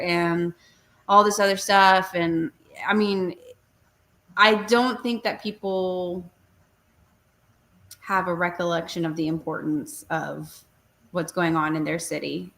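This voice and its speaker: A woman in casual talk-show chat, telling stories in an animated way and acting out what people said. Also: fairly low pitch. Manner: animated storyteller, acts out quotes.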